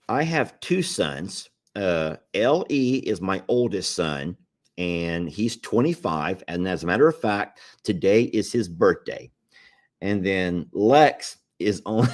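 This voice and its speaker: A man's voice: sits low, lively intonation, slow pace. A middle-aged man hosting a casual livestream and reading viewer comments aloud, in an easygoing drawl. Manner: easygoing drawl, laughs easily. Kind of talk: casual live chat.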